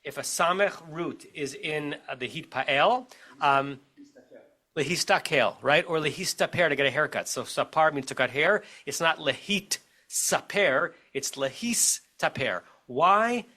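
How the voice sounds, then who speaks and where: A man's voice: fairly high pitch, moderate pace, pushed and bright. A man with an American accent, a rabbi teaching a text study class over a video call, explaining step by step and checking in with his listeners as he goes.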